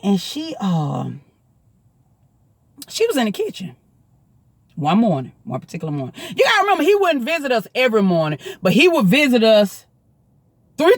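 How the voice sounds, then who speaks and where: A woman with a Southern US accent telling a story in a chatty, profane, animated way to the camera. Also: sits high, dry recording.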